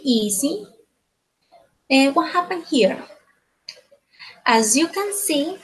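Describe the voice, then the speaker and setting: Woman teacher, measured unhurried delivery, keeps checking in with "okay?". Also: high voice, husky, rough recording. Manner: slow, repeats words, ends phrases with tag questions. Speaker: English teacher. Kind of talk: slow grammar lesson.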